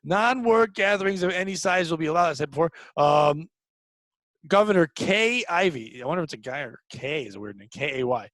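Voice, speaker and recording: High, bright-voiced man telling comic stories. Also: expressive, brisk, dry recording. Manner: rambling, profane, loud outbursts. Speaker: podcast host. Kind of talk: casual comedic storytelling.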